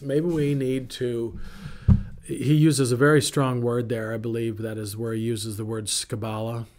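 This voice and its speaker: A man preaching an informal sermon, conversational and animated, telling stories and restarting his sentences as he goes. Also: medium pitch, moderate pace. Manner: conversational, animated storytelling with self-interruptions. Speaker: pastor.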